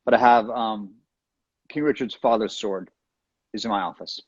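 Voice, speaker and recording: A man chatting as a guest over a video call, playful and joking, with quick asides. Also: fairly low pitch, breathy edge, dull audio. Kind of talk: casual chat.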